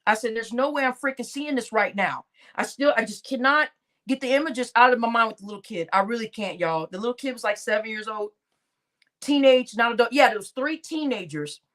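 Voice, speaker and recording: A woman doing casual live-stream commentary, animated and exasperated, stammering through restarts and talking to her chat. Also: fairly high pitch, fairly quick.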